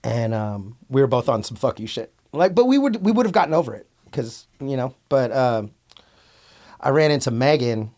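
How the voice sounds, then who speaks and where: Bay Area man, podcast guest, blunt storyteller who swears a lot and fills pauses with "um". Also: medium pitch, animated, darkish tone. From Antioch, California. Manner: outspoken, blunt, swears freely, many fillers. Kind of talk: casual storytelling interview.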